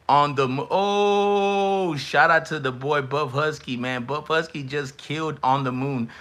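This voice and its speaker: A young man hosts a live stream and reacts to roasts in chat. His voice is bright and forward. He talks in a loose, teasing way, and now and then he shouts or stretches a word out for effect. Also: medium pitch. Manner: excitable, teasing, shouts and stretches words at big moments. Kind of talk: casual live-stream commentary.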